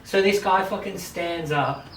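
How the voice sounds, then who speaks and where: A man hosting a podcast, telling a story in a profane, animated way that acts out the quotes, recorded in a home shed. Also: high voice, unhurried, slight background noise. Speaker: podcast host. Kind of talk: casual storytelling chat. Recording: echoey shed, mic at a distance.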